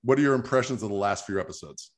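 A man's voice: on the low side, very fast. A man hosting a podcast, running segments in a loose, joking way with some swearing. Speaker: podcast host. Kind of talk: casual podcast chat.

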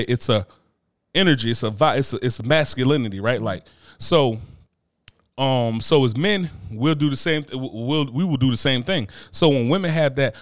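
A blunt, animated man in a casual podcast conversation, swearing freely and circling back to his point again and again. His voice sits at an ordinary middle pitch. The sound is close and dry, with no room echo. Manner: blunt, profane, animated, repeats "you know what I mean". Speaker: podcast co-host. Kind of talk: casual chat.

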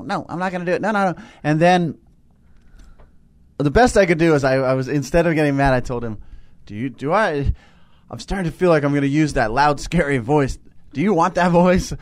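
A man who works as a teacher, telling a story in a casual spiritual chat with many restarts and hesitations. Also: fairly high pitch. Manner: rambling, halting storytelling.

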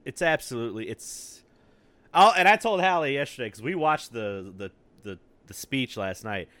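A man's voice: mid-range voice, moderate pace. A man co-hosting a podcast, chatting casually with lots of swearing and laughter. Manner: profane, laughing, animated storytelling. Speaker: podcast co-host. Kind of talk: casual chat.

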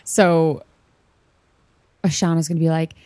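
A woman's voice: low voice, level tone, measured pace, mellow, no room sound. A woman playing a tabletop game, chatting casually and sometimes whispering in character. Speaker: player.

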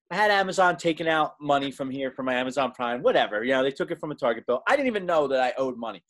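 A man co-hosting a podcast, talking casually and venting with frequent laughs. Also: a little high. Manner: animated, venting, laughs often. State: frustrated. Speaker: podcast co-host. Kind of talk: casual chat.

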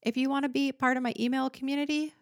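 A woman's voice: high-pitched, fairly even intonation, fast, no echo. Chatty woman podcast host, dry close mic. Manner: chatty, upbeat, many fillers and asides. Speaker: podcast host, musical theatre teacher. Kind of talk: casual solo podcast talk.

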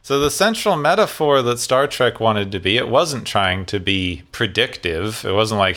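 A man with a low, bright, forceful voice argues his points in a relaxed chat. He sounds emphatic and opinionated and tosses off blunt asides. The delivery is loose and conversational. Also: normal speed, hardly any pauses. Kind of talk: casual discussion.

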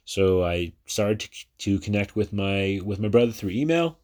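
A man's voice: fairly low pitch, animated, moderate pace, hardly any pauses, darkish tone. A man in his thirties from New Jersey, hosting his own podcast in a chatty, rambling monologue full of fillers and restarts. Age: 30s. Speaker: podcast host. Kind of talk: casual personal podcast monologue.

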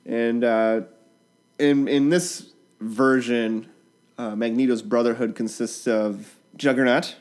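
Male co-host, mid-pitched, deadpan asides, halting casual delivery. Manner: dry, hesitant with many fillers. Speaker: podcast co-host. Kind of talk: casual chat.

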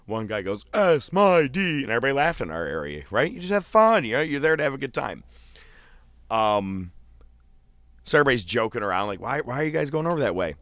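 Deep-voiced man telling a loose story. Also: no echo. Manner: loose, profane storytelling with a lot of fillers; animated, jumps into high-pitched quoted voices. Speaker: podcast co-host. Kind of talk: casual chat.

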